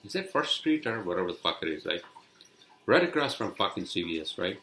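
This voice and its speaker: A man's voice: low voice, big pitch swings, fairly quick, bright, forceful tone, poor audio. A man hosting a solo podcast, telling a story in a rambling, profane way with many fillers and restarts. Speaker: podcast host. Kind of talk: casual solo podcast monologue.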